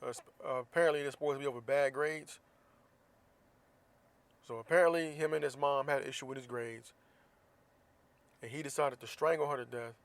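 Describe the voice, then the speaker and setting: A man's voice: mid-range voice, steady tone, brisk, pauses often. Blunt, profane man ranting. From Florida. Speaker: podcast host. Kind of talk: casual opinion monologue.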